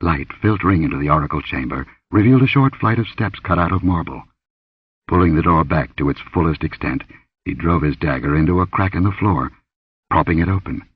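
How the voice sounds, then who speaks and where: Male audiobook narrator, dramatic reading, husky, dull lo-fi sound. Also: low voice, a little fast, dry recording, recorded from a distance. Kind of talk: scripted narration.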